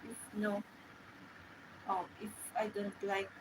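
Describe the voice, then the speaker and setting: A woman chats with her live-stream viewers at a slow, unhurried pace. Her English is halting and full of restarts. Traffic and vehicle noise sit clearly behind her voice. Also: medium pitch, completely flat delivery. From Philippines. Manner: rambling, halting non-native English with many restarts. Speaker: livestream host. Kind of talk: casual chat with viewers.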